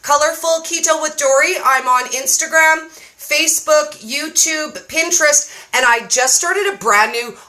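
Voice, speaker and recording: A woman chatting casually as a guest, an excitable and animated storyteller. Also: high voice, a little slow. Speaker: guest cookbook reviewer and keto creator. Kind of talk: casual chat.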